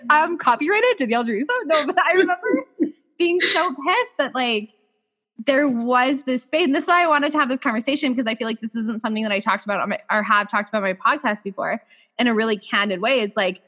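A woman hosts her podcast and tells a story from her own life in loose, casual chat. Her voice sits a little high and rings bright. She talks animatedly and keeps dropping "like" between her phrases. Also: fast. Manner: animated, filler-heavy "like" talk. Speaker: podcast host.

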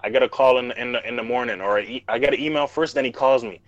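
A man's voice: medium pitch, fast, no echo, dull audio. A young man telling a story in a casual podcast chat, full of slang and acted-out quotes. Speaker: podcast co-host.

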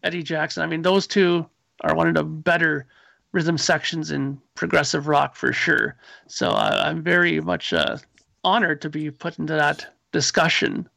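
A man in his forties or older, a musician guest, telling animated stories in casual chat and acting out his own past lines. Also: fairly high pitch, normal speed, gravelly, no echo.

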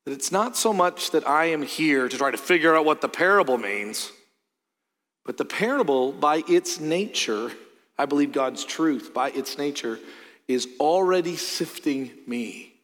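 A middle-aged pastor gives a sermon from the pulpit, his fairly high voice earnest and animated, moving between loud emphatic peaks and hushed low asides. He speaks a little slowly, and a long reverb carries his words across the sanctuary.

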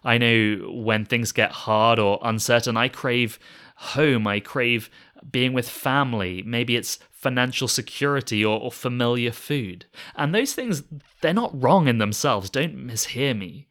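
A man's voice: mid-range voice, unhurried. Earnest man preaching in a conversational tone. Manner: earnest and warm, often repeats words as he restarts phrases; reads scripture aloud and acts out short quoted lines. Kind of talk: conversational sermon.

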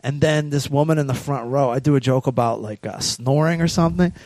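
A comedian guesting on a podcast recounts his gigs in animated, casual storytelling, peppered with swearing and acted-out voices of those he quotes. He talks at a brisk clip with a medium-pitched male voice; the audio is dry.

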